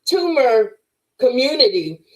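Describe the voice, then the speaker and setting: A woman's voice: on the high side, big pitch swings, slow pace, low-quality recording. A woman guest on a podcast giving an emphatic, preacherly faith testimony in conversation, speaking straight to her listeners.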